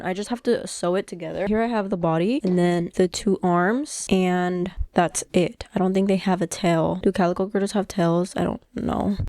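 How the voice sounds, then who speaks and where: A young woman vlogging casually from her bedroom about her crochet work, chatty and excitable, thinking aloud as she goes. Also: lowish voice, no echo, studio quality. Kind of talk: casual vlog chat. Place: bedroom at home.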